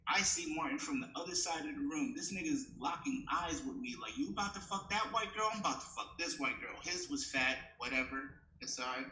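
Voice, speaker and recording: A young adult man doing stand-up comedy, telling a story and acting out the other people's lines in an animated way. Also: on the high side, a little hiss or hum. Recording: echoey room.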